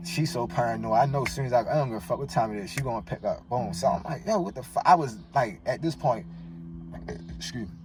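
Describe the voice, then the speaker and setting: A Baltimore man with a strong local accent talks fast and animated in a mid-range voice. As a guest in a casual chat, he tells a slangy, emotional, rambling personal story, picked up by a distant mic with faint noise.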